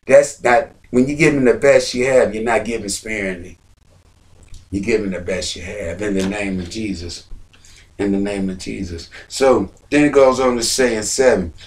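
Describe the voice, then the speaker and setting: Guy preaching, repeats himself, swells up loud now and then, mic a bit far off. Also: medium pitch. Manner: repeating phrases, rising to near-shouts. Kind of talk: sermon.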